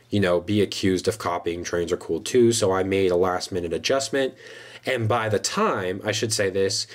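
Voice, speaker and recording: A man, the channel's host, casually rambling about his old videos with many fillers. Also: lowish voice. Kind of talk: casual commentary.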